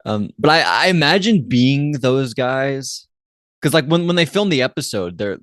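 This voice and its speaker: In a lively, slightly bright mid-range voice at a moderate pace, a podcast co-host chats casually, rambling with many fillers and restarts. The recording is studio quality with no echo.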